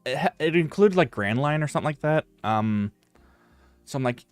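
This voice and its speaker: A man's voice: a little high, animated, moderate pace, no room sound, faint music behind. A man with a US West Coast accent, chatting casually as a streamer in a rambling way with many fillers and restarts. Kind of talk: casual chat.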